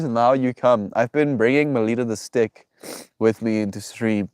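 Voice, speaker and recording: A man's voice: mid-range voice, moderate pace, a little mellow, clear, resonant tone, no echo. Stuffy-nosed man musing with his stream chat. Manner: reflective, affectionate, reads chat names aloud. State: stuffy nose. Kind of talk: casual live-stream chat with viewers.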